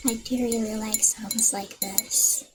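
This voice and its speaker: A young woman streaming her first ASMR session, talking softly and often whispering, nervous and rambling. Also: a little high, steady tone, takes it slowly, noisy background. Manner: soft-spoken, often whispering. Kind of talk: casual ASMR stream chat. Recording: music playing behind.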